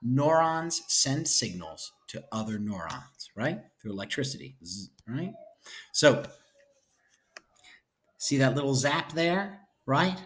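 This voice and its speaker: A male teacher talks his class through a textbook chapter in a relaxed, conversational way. He drops playful asides and checks in with his listeners after almost every point. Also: medium pitch, takes it slowly. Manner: chatty, checks in constantly with "right?" and "okay?"; playful asides, enthusiastic about cute pictures. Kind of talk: casual lecture walking through a book chapter.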